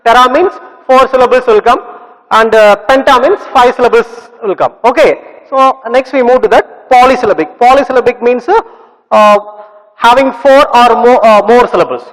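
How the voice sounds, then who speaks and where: Male teacher, very high voice, slow patient drilling of syllables, reverberant room. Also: fairly bright tone. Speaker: English teacher. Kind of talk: classroom lesson for children. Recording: long reverb.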